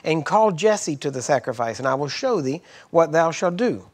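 Bible teacher, male, slightly high voice, reads scripture and cuts in with pointed asides. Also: lively intonation, moderate pace. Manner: reads verses aloud, then breaks in with emphatic asides to the audience.

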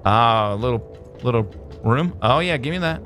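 Excitable man doing gameplay commentary. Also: moderate pace, faint music behind. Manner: excitable, jokey, jumps to high exclamations. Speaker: let's play host.

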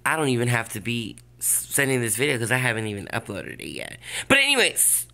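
Woman vlog host, brash and profane, gravelly and bright, talks from her bed. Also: extremely low pitch, big pitch swings, brisk. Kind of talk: casual vlog rant. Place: lying in bed.

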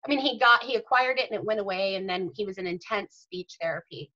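Earnest woman author as interview guest, bright tone, dull lo-fi sound. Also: mid-range voice, fast. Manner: earnest, detailed explaining. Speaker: author and mother. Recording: dull lo-fi audio.

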